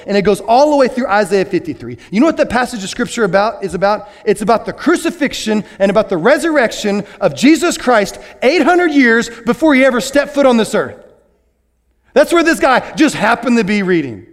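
A pastor preaching a sermon in an animated way, moving from hushed asides to excited bursts. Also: male voice, very high voice.

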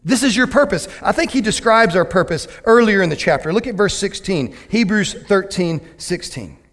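A man preaching a lively, joking sermon as a pastor to his church, with sudden loud outbursts. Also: high voice, moderate pace. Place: church sanctuary. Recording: long hall reverb.

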